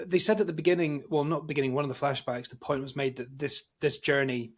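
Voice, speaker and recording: Relaxed man co-hosting a movie chat. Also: medium pitch, fast talker. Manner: relaxed, conversational, recounts scenes with quotes. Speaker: podcast co-host. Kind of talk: casual movie review chat.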